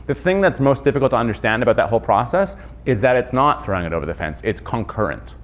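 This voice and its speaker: A middle-aged man, an author, speaking in a conversational interview with quick asides and self-corrections. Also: mid-range voice, lively intonation. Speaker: author and journalist guest.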